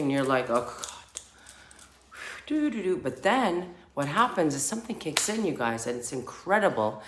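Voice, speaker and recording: A woman with a very deep voice tells a casual story, lively and animated, acting out the sounds and laughter along the way. She is recorded in an echoey room with a faint hiss behind her. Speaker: spiritual healer.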